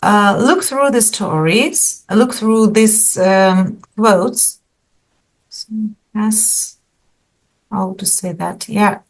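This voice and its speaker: A woman's voice: mid-range voice, very slow. A woman teaching an English lesson over a video call, patiently asking her students questions and encouraging them.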